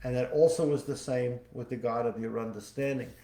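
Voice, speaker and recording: Man, podcast host, spiritual talk, folksy storytelling, repeats phrases, warm tone, roomy echo. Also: mid-range voice, fairly even intonation, fairly quick. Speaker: podcast host and psychic medium. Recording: echoey room.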